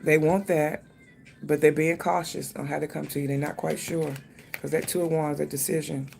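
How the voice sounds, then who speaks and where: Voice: medium pitch, flat delivery, normal speed, creaky, darkish tone, a little hiss or hum. A tarot reader giving a casual reading, thinking aloud, speaking straight to the viewer and swearing freely.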